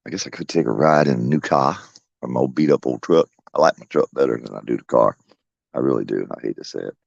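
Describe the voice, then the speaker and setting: A man with a very deep, gravelly voice rambles in folksy, profane porch talk. The sound is dry and a little dull, recorded close with no room around it. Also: fast, darkish tone, no echo. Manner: profane, folksy, laughing storyteller. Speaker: vlogger talking to his viewers and pets. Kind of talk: rambling casual porch chat. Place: outdoors on a home porch.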